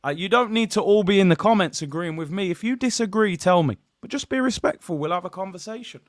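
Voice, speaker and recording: Man, high voice, live-stream host, animated exasperated rant to viewers. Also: fast. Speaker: football channel host. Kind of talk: live stream talk to chat.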